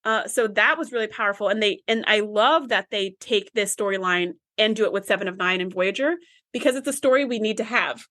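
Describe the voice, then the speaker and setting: A woman's voice: mid-range voice, fairly quick, fairly bright tone, no echo, studio quality. A woman co-hosting a podcast, talking through a TV episode in an earnest, thoughtful and enthusiastic way. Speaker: podcast co-host. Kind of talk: casual chat about a TV episode.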